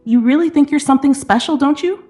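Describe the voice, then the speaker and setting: A woman voicing a cold, mocking, controlling husband who speaks low and menacingly. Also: expressive, fairly quick, darkish tone, soft background music, natural voice.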